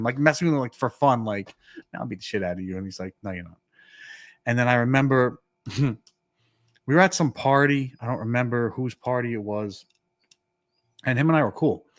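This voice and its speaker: This New York man co-hosts a podcast and tells a story in an animated, casual way, acting out the dialogue and filling it with "like." His mid-range voice comes through clean and dry in a studio.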